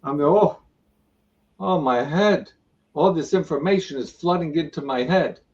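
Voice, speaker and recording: Man telling his spiritual story as a guest, lively and acting out quotes, set back from the mic. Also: fairly high pitch, measured pace, far from the mic, highs cut off. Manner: retells events with repeated "I go" and acted-out quotes. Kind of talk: animated personal storytelling.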